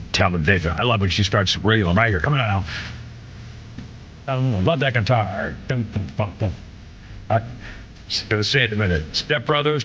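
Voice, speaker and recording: A man's voice: fairly low pitch, a bit bright, a little hiss or hum. A man hosting a live radio talk show, rambling and irreverent with blunt asides. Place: radio studio.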